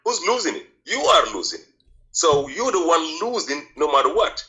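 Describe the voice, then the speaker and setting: Combative male caller, bright forceful voice, a bit high. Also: very animated, normal speed, dull audio. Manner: insistent, combative, demands to finish. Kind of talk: heated call-in debate.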